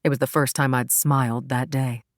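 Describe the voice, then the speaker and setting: A woman's voice: a bass voice, fairly even intonation, normal speed, no room sound, studio quality. A woman reading a first-person crime thriller as audiobook narrator, in a tense, dramatic manner.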